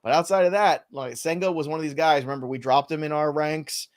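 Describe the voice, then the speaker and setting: A man hosting a live fantasy baseball podcast, running through injury news with dry sarcastic asides. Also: a little high. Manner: wry, sarcastic, quick rundown of injury news.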